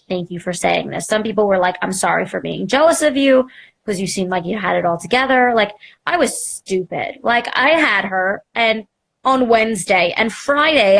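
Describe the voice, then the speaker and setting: A young woman, a podcast host, speaks at a medium pitch. In a live interview she recounts her story frankly and animatedly, teasing herself and filling it with "like" and acted-out quotations.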